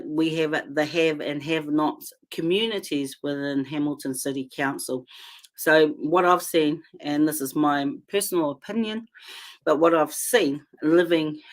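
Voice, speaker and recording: A low-pitched woman with a New Zealand accent talks straight to her viewers. She speaks earnestly and breaks off often with ums and restarts. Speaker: local council candidate. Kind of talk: casual video address, reading a statement.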